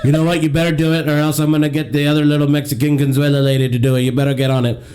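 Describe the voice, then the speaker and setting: A man's voice: fairly high pitch, little pitch movement, very fast, dark tone, lightly acted. A man doing a crude, bragging politician impression. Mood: indignant. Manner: boastful, crude, insulting. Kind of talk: comedy podcast impression.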